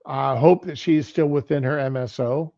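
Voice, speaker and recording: A man's voice: medium pitch, normal speed, mellow. A middle-aged man giving casual political commentary on a livestream, rambling and conversational. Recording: lo-fi stream audio.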